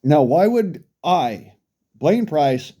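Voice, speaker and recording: A man's voice: fairly high pitch, sing-song, very slow, dark tone, husky. A furious man delivering an angry, profane political rant, berating his listeners. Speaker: commentator.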